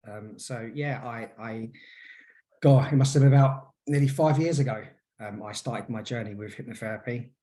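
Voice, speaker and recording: Brief: man, forties, rambling guest, um-heavy anecdotes, mid pitch. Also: normal speed, dark tone. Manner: hesitant, filler-heavy storytelling. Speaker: guest, hypnotherapist. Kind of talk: casual podcast interview.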